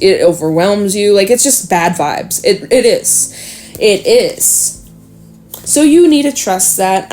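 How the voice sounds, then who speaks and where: A woman giving a casual tarot reading, talking straight to the listener, chatty and swearing freely, animated at times. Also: medium pitch, a little hiss or hum. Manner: animated, with sudden laughs and exclamations. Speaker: tarot reader.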